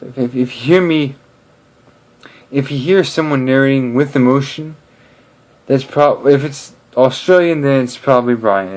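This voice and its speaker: A man's voice: medium pitch, darkish tone. A man chatting casually to camera in a hesitant way, full of fillers and restarts.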